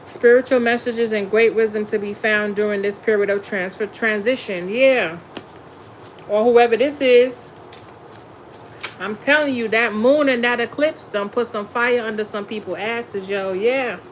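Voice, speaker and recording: High-pitched, unhurried woman tarot reader. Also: steady tone, a little hiss or hum, poor audio. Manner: chatty, laughs often, slangy and blunt. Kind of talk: casual live-stream chat and tarot reading. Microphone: phone or webcam on a live stream.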